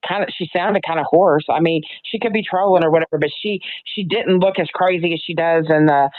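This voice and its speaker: A woman's voice: low-pitched, no room sound. A woman panelist giving a hesitant casual opinion, often saying "I mean". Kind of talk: casual commentary. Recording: tinny call line.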